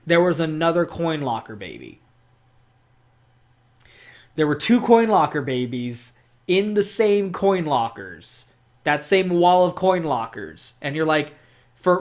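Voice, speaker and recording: A gaming video host rambling through a casual, unscripted monologue about a game, swearing freely and restarting sentences, with "like" throughout. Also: mid-range voice.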